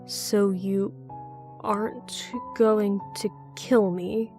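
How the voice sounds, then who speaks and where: A woman's voice: mid-range voice, little pitch movement, drawn-out words, a little mellow, faint music behind. A woman doing a frightened stranded traveler. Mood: anxious. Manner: anxious, pleading, defensive.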